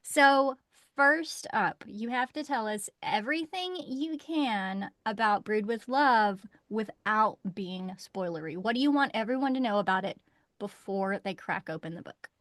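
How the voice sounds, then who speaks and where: A woman's voice: medium pitch, measured pace, fairly bright tone, no room sound, clean studio sound. A woman hosting a book podcast, bubbly and effusive in casual chat. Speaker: podcast host.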